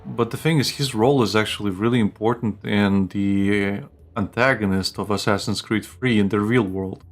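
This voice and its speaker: A man with a lowish voice co-hosts a live stream at a moderate pace. He chats casually and jokingly, rambling and restarting his sentences.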